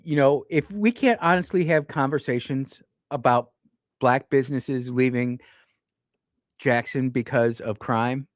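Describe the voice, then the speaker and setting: A man's voice: mid-range voice, measured pace, dry recording. A man hosting a talk radio show from a studio, speaking with passion and often repeating himself or restarting sentences. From Mississippi.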